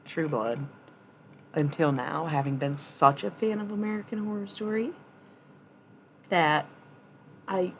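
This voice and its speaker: Woman streamer, low voice, casual tough-love chat, blunt and profane, faint background hum. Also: steady tone, unhurried, pauses often. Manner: chatty, laughs often. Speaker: livestreamer.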